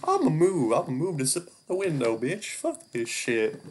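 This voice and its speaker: A woman's voice: deep voice, huge pitch swings, unhurried, a little hiss or hum. A woman streaming a visual novel, reacting with profane, jumpy squeals and nervous rambling. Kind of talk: let's-play commentary.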